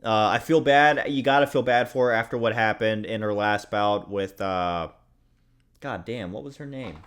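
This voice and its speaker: A man's voice: fairly low pitch, a bit bright. Rambling blunt man making fight picks. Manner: rambling, blunt, swears, jokes at himself. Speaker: host giving fight predictions. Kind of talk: casual commentary.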